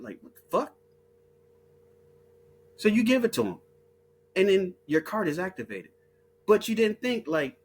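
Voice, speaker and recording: A man's voice: fairly high pitch, a little hiss or hum. A man hosting his own video, talking in a heated, profane monologue full of repeated words and restarts. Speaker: video host. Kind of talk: casual monologue.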